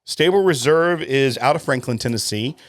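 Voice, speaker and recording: A man's voice: mid-range voice, lively intonation, normal speed, no echo, studio quality. Opinionated man on a podcast. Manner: opinionated, joking, many restarts. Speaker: podcast co-host. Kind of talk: casual whiskey podcast banter.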